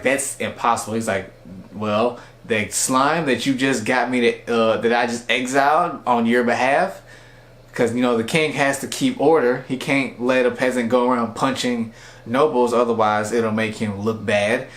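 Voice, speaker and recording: A man casually recapping and reviewing an anime episode, rambling with lots of "like" and "you know". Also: mid-range voice. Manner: rambling, filler-heavy with frequent "like". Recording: echoey room.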